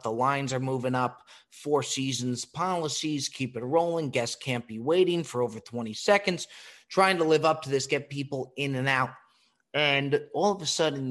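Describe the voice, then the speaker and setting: A male podcast host tells workplace stories in a casual, animated way, swearing freely and slipping into the voices of the people involved. His voice sits at an ordinary middle pitch. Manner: animated, profane, acts out quotes. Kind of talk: casual storytelling.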